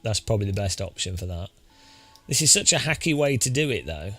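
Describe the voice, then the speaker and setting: A man's voice: lowish voice, big pitch swings, fairly quick, sharp tone, soft background music. A man streaming live, testing and adjusting his studio microphone, joking wryly as he counts into it close up. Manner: rueful, joking, counting into the mic.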